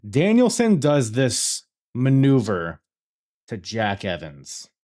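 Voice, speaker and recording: A man hosting a casual wrestling review podcast, talking excitedly, laughing and swearing as he tells the story. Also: mid-range voice, slow pace. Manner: excitable, swears freely, laughs while telling. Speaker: podcast host.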